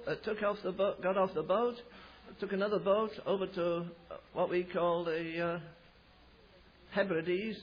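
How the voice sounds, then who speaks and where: A man preaches a sermon built around a revival story, voicing the characters himself and rising to loud, emphatic climaxes. His voice sits high with a breathy edge, and the lo-fi recording sounds dull.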